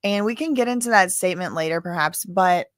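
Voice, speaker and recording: Chatty low-voiced woman streamer. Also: a little fast, no echo, clean studio sound. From Louisiana. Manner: chatty and rambling, talks straight to viewers as "y'all". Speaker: livestream host covering court cases. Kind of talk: casual live-stream commentary.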